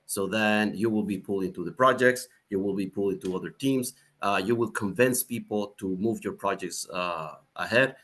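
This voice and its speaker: A man with a lowish voice speaks on a panel. He is animated and emphatic, often pausing on fillers before pushing his point harder. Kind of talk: panel discussion.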